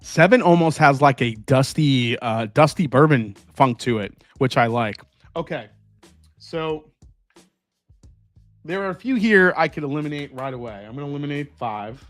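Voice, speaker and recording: A man's voice: on the high side, animated, normal speed, a bit bright, no echo, faint music behind. A man hosting a live stream, chatting casually and rambling while tasting and answering viewer comments. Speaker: host.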